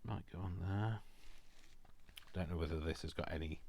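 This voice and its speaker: A man's voice: low voice, normal speed, darkish tone, a little hiss or hum. A man chatting casually and rambling with self-mocking asides while he makes a craft journal. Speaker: craft vlogger.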